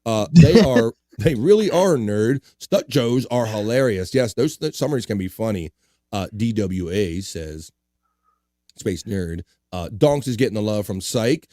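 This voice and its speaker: A man's voice: fairly low pitch, measured pace, no echo, studio quality. Jokey man hosting a livestream. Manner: animated, jokey, swears casually. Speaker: livestream host. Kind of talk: casual chat, reading viewer comments.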